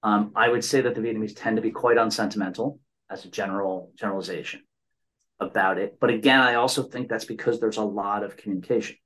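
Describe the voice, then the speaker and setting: Low-voiced rambling American storyteller. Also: male voice, steady tone, quick pace, fairly bright tone, low-quality recording. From United States. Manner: rambling storyteller, tags points with "right?". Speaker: podcast host. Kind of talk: casual conversation.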